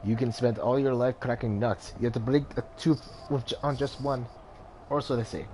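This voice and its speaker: A man's voice: medium pitch, steady tone, moderate pace, mellow, slight background noise, lightly acted. A man voicing a mystic male warrior-turned-merchant in a put-on Indian accent, solemn and riddling, reading game dialogue over music. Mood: cryptic.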